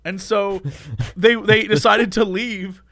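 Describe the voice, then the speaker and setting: High-voiced animated young man storyteller. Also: takes it slowly, dry recording, clean studio sound. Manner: animated, acts out quotes in voices. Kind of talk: casual storytelling chat.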